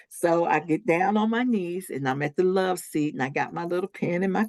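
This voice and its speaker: A woman's voice: on the low side, a little fast, hardly any pauses, darkish tone, dry recording, clean studio sound. A woman, a licensed minister, telling her personal testimony in an interview in an earnest way, acting out her own past words with sudden rises in voice.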